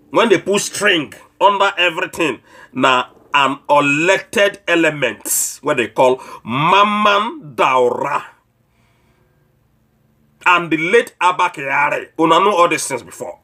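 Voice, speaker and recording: A man rants in Nigerian Pidgin with a bright, forceful tone. His voice sits fairly high and swings up and down a lot as he scolds his listeners. He hammers them with mocking rhetorical questions. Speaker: online commentator. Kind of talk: political rant.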